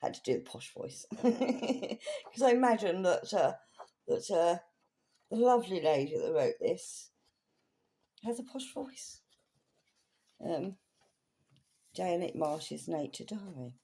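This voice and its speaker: A woman chatting casually through a craft haul, rambling and correcting herself as she goes. Her voice is low and mellow, with lively swings in pitch. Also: slow pace, long pauses. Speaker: craft vlogger.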